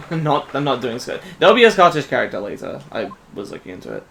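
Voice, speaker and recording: A man's voice: mid-range voice, sing-song, fast, gravelly, a bit bright, slight background noise. A man hosting a game playthrough, chatting casually in a rambling, hesitant way. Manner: rambling, hesitant, with fillers and laughs. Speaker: let's play host. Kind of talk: casual chat.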